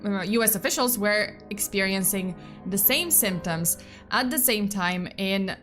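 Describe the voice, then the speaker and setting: A woman's voice: medium pitch, a little slow, a bit bright. A woman streamer telling a true-crime story in casual chat, chatty and self-mocking. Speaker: streamer host. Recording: faint music behind.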